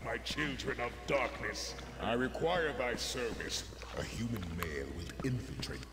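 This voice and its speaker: A man voicing a sinister male sorcerer who commands dark minions, in a low hushed game cutscene voice. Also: very animated, measured pace. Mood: menacing. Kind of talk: video game cutscene acting.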